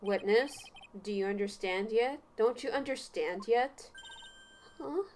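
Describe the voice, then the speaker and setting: A woman's voice: darkish tone, a little hiss or hum, close to an everyday voice. Edgeworth, a woman doing a stern prosecutor. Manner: measured, lowered, deliberate delivery. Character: cool, stern male prosecutor, composed and probing. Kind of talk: let's play voice reading.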